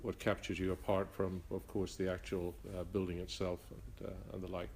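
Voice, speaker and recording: An older man from Northern Ireland with a blended Northern Irish and Rhodesian accent, answering interview questions in a reflective, halting way with frequent restarts. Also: deep voice, little pitch movement, gravelly, a little mellow, slight background noise. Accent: mixed Northern Irish and Rhodesian. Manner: halting, many restarts and fillers.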